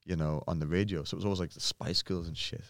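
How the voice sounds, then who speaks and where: A young man, a podcast guest, telling animated stories in casual chat, full of fillers and swearing. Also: deep voice, fast talker, vocal fry, no room sound, clean studio sound. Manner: animated storyteller, swears freely, many fillers. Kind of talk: casual storytelling.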